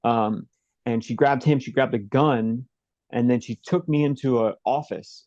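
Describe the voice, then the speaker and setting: A man interview guest recounting a personal story in a halting, rambling way, with many fillers and restarts. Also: medium pitch, darkish tone, no room sound, dull audio.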